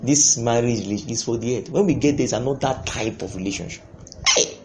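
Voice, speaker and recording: A man preaching a sermon, impassioned, breaking into sudden loud bursts. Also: medium pitch, a little fast, a little hiss or hum.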